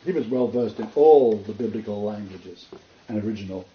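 A man's voice: fairly low pitch, normal speed, echoey room, muffled recording. A man giving sermon-style Bible teaching, reading quotations with expression and adding his own asides. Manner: reads poetry and quotes expressively, then comments in asides.

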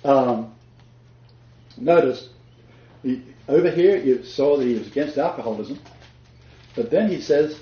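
A man's voice: mid-range voice, a little slow, pauses often, mellow. A man giving a chatty Bible lecture, joking and laughing at his own asides. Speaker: Bible teacher. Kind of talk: lecture-style Bible teaching. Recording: dull echoey room recording.

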